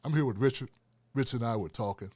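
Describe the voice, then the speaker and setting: A man imitating the ghost of an elderly male comedian, speaking low and hushed as he scolds wearily. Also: slightly rough, no echo, natural voice. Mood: weary scolding. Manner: low, hushed, drawn-out pleading.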